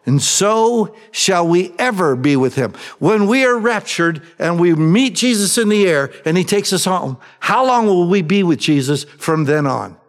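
A man with a high voice preaches a sermon. He asks the congregation questions and answers them himself. He moves between raised, emphatic lines and hushed asides, and his voice rings with the long reverb of a large hall. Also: animated, unhurried, few pauses. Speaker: pastor.

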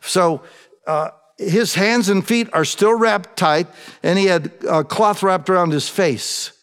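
A pastor preaching a sermon in an animated way, rising to loud, emphatic calls. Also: male voice, high-pitched, slow pace, clean tone. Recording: long reverb of a large hall.

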